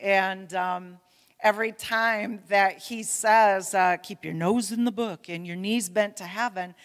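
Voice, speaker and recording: A woman's voice: medium pitch, fairly even intonation, a little slow. Chatty woman in a reverberant church. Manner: chatty, self-deprecating, folksy with many fillers. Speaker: pastor's wife speaking at church. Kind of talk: casual church talk. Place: church sanctuary. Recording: long hall reverb.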